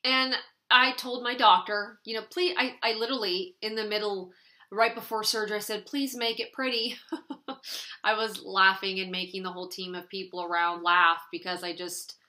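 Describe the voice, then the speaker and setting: A woman's voice: medium pitch, flat delivery, normal speed, pushed and bright. A young woman vlogger talking candidly and earnestly in a casual sit-down chat to her viewers.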